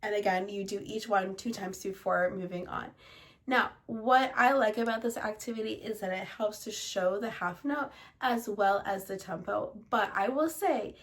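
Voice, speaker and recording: Music teacher explaining a lesson. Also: female voice, medium pitch, normal speed. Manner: explanatory, steady, breaks into short sung examples. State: slightly under the weather.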